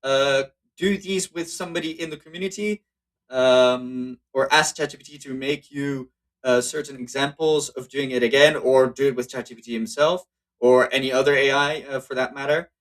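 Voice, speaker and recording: Man teaching a relaxed language lesson. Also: mid-range voice, normal speed. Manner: relaxed, explaining with frequent fillers and self-corrections. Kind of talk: casual spoken lesson walkthrough.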